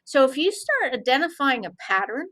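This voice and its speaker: An animated woman with a somewhat high voice shares stories from her consulting work as an interview guest. She tells them lively, acting out the back-and-forth of conversations with clients. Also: normal speed, rough recording. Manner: animated, recounts conversations in dialogue. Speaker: guest, anti-bullying consultant. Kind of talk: storytelling in an interview.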